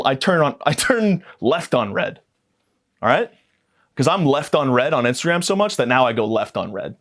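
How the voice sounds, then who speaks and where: A man's voice: mid-range voice, fairly bright tone. Profane man ranting for laughs. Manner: profane, rambling, mock-outraged. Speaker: podcast guest. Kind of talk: comedic storytelling rant.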